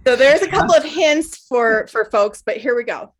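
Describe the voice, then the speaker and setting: A woman's voice: fairly high pitch, lively intonation, normal speed. A woman hosting a podcast, framing thoughtful questions to her guest for the listeners. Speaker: podcast host. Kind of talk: interview questions.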